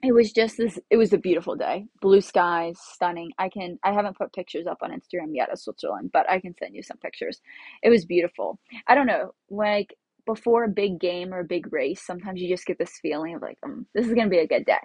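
A woman's voice: on the low side, brisk, a little mellow, breathy edge, dry recording. A young woman casually telling a travel story, chatty and laughing often as she acts out what she said. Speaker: travel vlogger.

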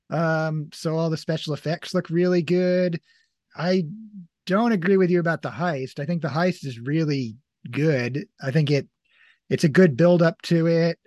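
Guy on a movie podcast rambling with lots of likes, kinda high voice, dry mic. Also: darkish tone, no room sound. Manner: rambling, many "like" fillers. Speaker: podcast host. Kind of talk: casual movie review chat.

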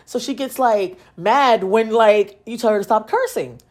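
Young woman podcaster, casual solo storytelling, profane and slangy, with a lively swinging pitch. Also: normal speed, hardly any pauses. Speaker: podcast host.

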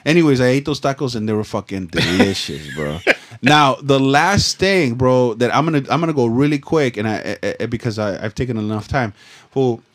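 A man's voice: medium pitch, expressive, normal speed. A young man from Southern California, telling a rambling, profane story in casual chat full of slang and restarts. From Los Angeles, USA.

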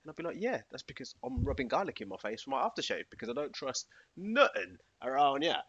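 Rambling young man, lively voice. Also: medium pitch, fast talker, husky, no echo, muffled recording. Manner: rambling, laughs often, lots of fillers. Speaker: podcast co-host. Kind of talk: casual chat.

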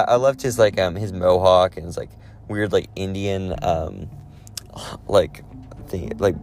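Deep-voiced man rambling casually. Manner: rambling, full of fillers and restarts. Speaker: movie vlogger. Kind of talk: casual chat.

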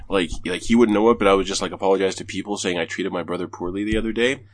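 A man's voice: sits low, steady tone, racing. A man hosting a podcast, telling stories in a loose, self-deprecating way with casual swearing. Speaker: podcast host. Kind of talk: casual chat.

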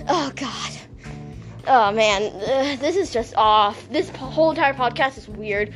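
Giggly high-voiced young woman rambling. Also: moderate pace, faint music behind. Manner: giggly, rambling, self-mocking. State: voice cracking, dehydrated. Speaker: podcast host. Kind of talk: casual rambling chat.

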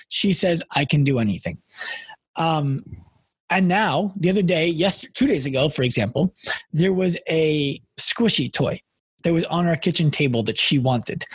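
A man's voice: a little high, normal speed, husky, no room sound. A man in his thirties hosting a podcast, chatting casually and telling a story with frequent restarts. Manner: storytelling, repeats words when starting sentences. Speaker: podcast host. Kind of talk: casual interview chat.

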